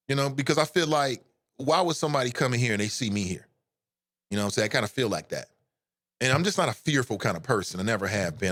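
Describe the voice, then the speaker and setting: A man's voice: mid-range voice, fairly bright tone. A man hosting a live show at home, giving blunt, impassioned and profane opinion commentary.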